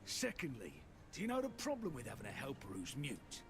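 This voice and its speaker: A man voicing a grumpy, foul-mouthed old former keeper in a video game, with a gruff, rambling way of talking. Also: mid-range voice, wildly swooping pitch, fairly quick. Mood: scornful. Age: older. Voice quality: gravelly. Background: game music.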